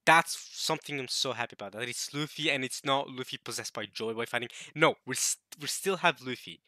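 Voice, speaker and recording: A man talks through a manga chapter in a bright, forceful voice, thinking out loud and often restarting his sentences. His tone is casual and excitable. The sound is dry and close, with no room in it. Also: mid-range voice, a little fast, no room sound. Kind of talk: casual manga read-along commentary.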